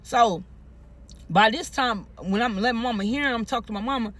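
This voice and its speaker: A man's voice: very high-pitched, normal speed. A man telling a personal story in a casual monologue, with heavy profanity, slang and emphatic, repetitive phrasing. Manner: animated, emphatic retelling.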